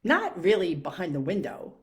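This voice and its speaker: A woman's voice: on the low side, sing-song, moderate pace. A middle-aged woman with a New York accent, telling a reflective story with many fillers and self-questions. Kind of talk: reflective monologue.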